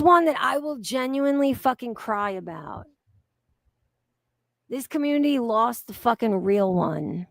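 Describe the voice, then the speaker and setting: A woman hosts a casual livestream with a high voice. She talks bluntly and heatedly, cursing freely. The sound is close and dry, with no room echo. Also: expressive, a little slow. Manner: blunt, heated, swears a lot. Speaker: livestream host.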